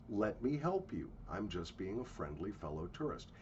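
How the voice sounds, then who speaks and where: A man's voice: low voice, sing-song, moderate pace, a little mellow. A man telling travel stories in a blunt, profane ranting monologue while walking outdoors. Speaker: travel vlogger. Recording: muffled with faint ambient noise.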